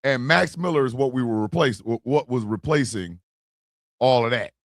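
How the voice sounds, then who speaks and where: A man giving casual, slangy reaction commentary, stammering and breaking into loud outbursts. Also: mid-range voice, moderate pace, dry recording. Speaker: streamer and political commentator.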